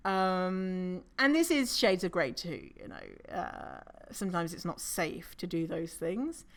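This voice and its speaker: A woman hosting a casual solo podcast, chatty and animated, laughing often and swearing casually. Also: on the low side, slow pace. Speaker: podcast host.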